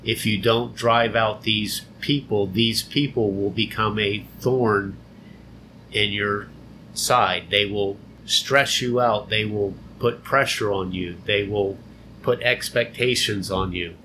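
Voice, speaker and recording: A man giving an unhurried, conversational Bible teaching, explaining and repeating phrases for emphasis. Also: lowish voice, steady tone, bright, forceful tone, slight background noise, poor audio.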